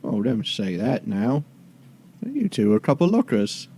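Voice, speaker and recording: A man playing in a tabletop game. He talks slowly and casually, with a middle-pitched voice, and laughs often between questions. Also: wildly swooping pitch, warm tone, slight background noise. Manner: easygoing, giggly. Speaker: player.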